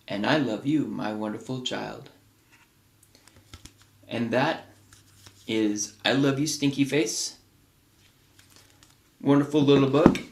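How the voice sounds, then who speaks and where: Middle-aged male wellness host, mid-pitched, easygoing and rambling, in an echoey room. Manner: relaxed, rambling, with restarts and fillers. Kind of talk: casual teaching talk.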